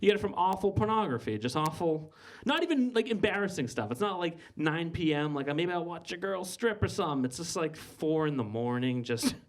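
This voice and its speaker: A male stand-up comedian on a club stage who rambles through his bit, tripping over his words and packing every sentence with "like." His pitch swings a great deal, and he often jumps up high for the punchlines. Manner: rambling and stammering, full of "like".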